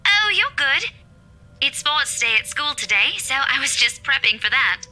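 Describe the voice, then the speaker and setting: A man's voice: very high-pitched, sing-song, normal speed, sharp tone, faint music behind, pitched above the performer's own voice, heavily acted. A man voicing a cheerful young female schoolteacher with a chirpy, casual manner while reading game dialogue on stream. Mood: friendly.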